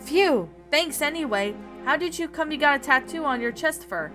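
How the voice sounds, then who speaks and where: A woman's voice: high voice, expressive, normal speed, voice pushed up. A woman voicing a curious, childish young male bee who speaks eagerly and stumbles over words, with music behind her.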